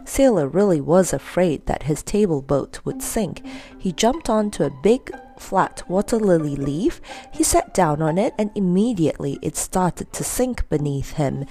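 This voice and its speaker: A woman reading a children's story aloud in a lively, expressive way. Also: on the low side, a little slow, soft background music.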